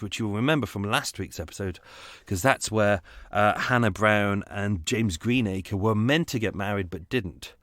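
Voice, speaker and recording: A man hosting a true-crime podcast in a loose, chatty way, wandering into asides and chuckling at his own tangents. His voice sits fairly low. The sound is dry and close, with almost no room in it. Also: fairly bright tone, dry recording. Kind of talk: casual rambling podcast narration.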